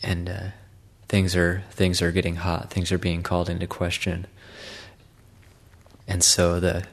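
A male Buddhist monk giving a Dharma talk in a halting way, often repeating words and pausing with fillers. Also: low voice, completely flat delivery.

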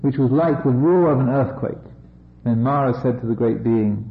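Buddhist teacher, man, mid pitch, reads the story with wry asides, echoey room. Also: moderate pace, vocal fry. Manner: wry and amused, breaking off for jokes. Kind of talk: reading a scripture story aloud with asides. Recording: echoey, slightly dull room recording.

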